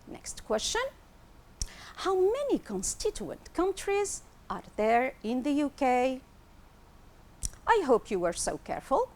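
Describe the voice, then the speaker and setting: Woman English teacher, televised lesson, slow careful delivery, animated pitch, repeats words to drill pronunciation. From Tunisia.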